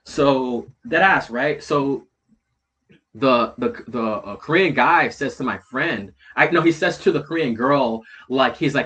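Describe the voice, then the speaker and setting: A man's voice: medium pitch, moderate pace, fairly bright tone. A man guesting in a casual chat, telling a rambling story in slang, full of fillers and swearing.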